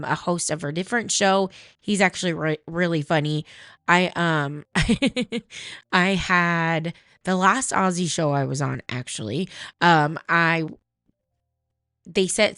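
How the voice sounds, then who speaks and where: A woman's voice: on the low side, fairly bright tone, no echo, clean studio sound. A woman hosting, commenting casually and chattily, with frequent asides and swearing. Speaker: host.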